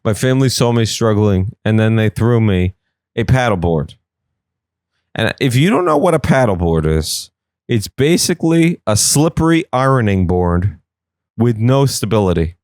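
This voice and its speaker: Animated comic man telling stories. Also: on the low side, moderate pace, clean tone, no echo, clean studio sound. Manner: animated, swings into silly voices. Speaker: podcast host. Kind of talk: comedic storytelling.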